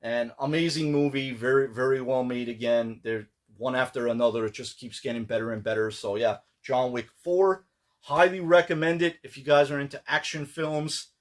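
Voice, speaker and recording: A collector vlogger casually chats about his latest collectible pickups, his voice at an ordinary middle pitch. He rambles in a relaxed way, restarting sentences and filling pauses with "uh" and "like."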